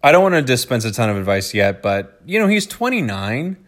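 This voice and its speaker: A man's voice: mid-range voice, sing-song, a little fast. Joking man chatting on a podcast. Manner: joking, self-aware, does playful voices. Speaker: podcast co-host. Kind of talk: casual chat, reading a listener letter.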